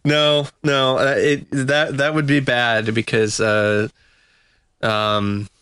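A man co-hosting a podcast, talking casually and haltingly with lots of fillers. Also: medium pitch, flat delivery, fairly bright tone, smooth. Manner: hesitant, many fillers. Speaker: podcast co-host. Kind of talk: casual chat.

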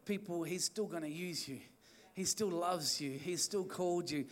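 Male NZ preacher, high-pitched, fervent and repetitive, church sermon. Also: moderate pace. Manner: fervent, repetitive exhortation with restarts. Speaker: pastor.

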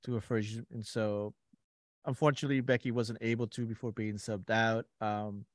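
A man's voice: lowish voice, level tone, normal speed, no room sound, studio quality. A man co-hosting a sports podcast in casual chat, telling stories with many fillers and restarts. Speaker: podcast co-host.

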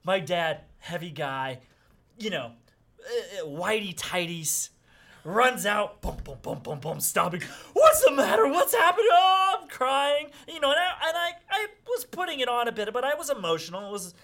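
A middle-aged man casually telling a story on a podcast, acting out the people he quotes with sudden loud outbursts. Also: high-pitched, sing-song, normal speed. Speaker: podcast guest.

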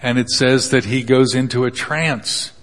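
A man preaching a sermon, loose and joking as he walks through a Bible passage and slips into quick character voices. His voice sits at an ordinary middle pitch. It rings out with a long reverb, as in a big hall. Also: steady tone, fairly bright tone. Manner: joking, conversational Bible teaching with acted quotes.

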